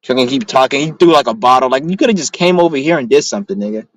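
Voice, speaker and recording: A man's voice: medium pitch, lively intonation, racing, no echo, low-quality recording. Young guy venting in his car, swears nonstop, rambly and heated, dry close mic. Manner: profane, rambling, agitated storytelling. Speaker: vlogger. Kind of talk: casual rant to camera.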